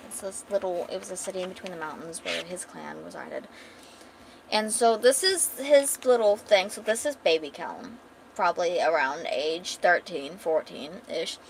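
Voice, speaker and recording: A woman's voice: fairly low pitch, moderate pace, creaky, a little hiss or hum, low-quality recording. A woman casually reading her own comic aloud on a stream, chatty and rambling as she explains the panels. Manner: chatty, rambling, lots of likes and restarts.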